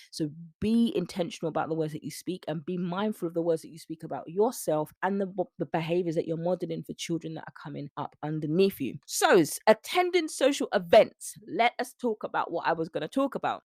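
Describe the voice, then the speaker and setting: A British woman hosting her own nutrition podcast, talking straight to the listener. She is direct and a bit preachy but encouraging. Her voice sits low, and the recording is dry with no room echo. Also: darkish tone. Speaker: nutrition coach and podcast host. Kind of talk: solo podcast talk.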